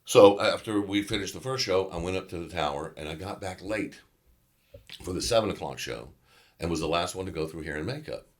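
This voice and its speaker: Telling a story briskly, this very low-voiced, middle-aged actor from Louisiana is a guest in an interview. His delivery is lively and relaxed, packed with offhand filler words.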